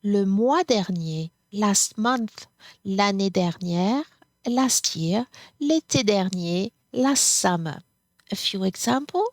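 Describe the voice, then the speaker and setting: A woman teaching a grammar lesson, saying each form slowly and then repeating it. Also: mid-range voice, expressive, no room sound. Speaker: French teacher. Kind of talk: slow, careful grammar lesson.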